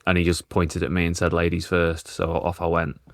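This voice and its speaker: A man's voice: deep voice, monotone, brisk, gravelly, no echo, clean studio sound. A man with a Northern English accent, a football journalist telling self-deprecating stories in casual podcast chat.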